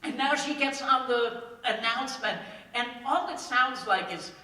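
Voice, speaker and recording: A man telling a comic story live on stage, with deadpan timing and wry asides. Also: very high-pitched, moderate pace. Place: stage in a hall before an audience. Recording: echoey hall, mic far off.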